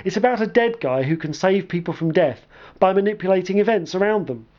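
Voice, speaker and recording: A man's voice: high-pitched, animated, brisk, lo-fi sound, pitched above the performer's own voice. A man voicing the earnest, firm-spoken ghost of a dead male friend. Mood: insistent.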